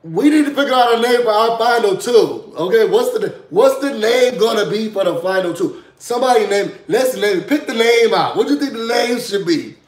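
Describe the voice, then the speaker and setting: A hoarse man mimicking a loud, eager woman housemate who keeps pushing everyone to name their alliance, in a higher, louder voice. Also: expressive, moderate pace, hardly any pauses, roomy sound. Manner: loud, repetitive, pushy.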